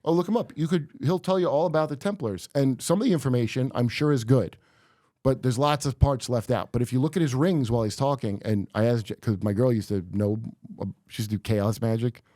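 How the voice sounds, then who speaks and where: A man's voice: mid-range voice, brisk, dark tone, dry recording. Male comedian guest, rambling conspiratorial storytelling, casual podcast chat, dry close mic.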